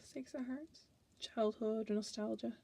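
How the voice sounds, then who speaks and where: A woman's voice: a little high, slow, vocal fry, mellow. A woman tarot reader chatting casually through a card deck, playful and giggly.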